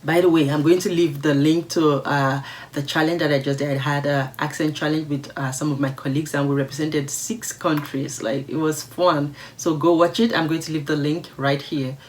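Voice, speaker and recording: A woman with a low-pitched voice talks straight to camera, reading letters from viewers and reacting to them. She is outspoken and emphatic, and she repeats her points to press them home. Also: steady tone, moderate pace, hardly any pauses, a little hiss or hum. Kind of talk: casual vlog commentary.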